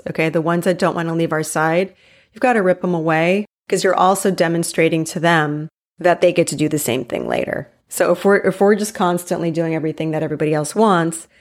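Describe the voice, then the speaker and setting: A woman in her forties hosting a solo motivational podcast, chatty and emphatic, slowing down to stress her key points. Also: lowish voice. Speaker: podcast host.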